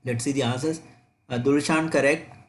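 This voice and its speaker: A man's voice: mid-range voice, steady tone, moderate pace, a little hiss or hum. A man teaching an online chemistry revision class, repeating key points and checking students' answers aloud.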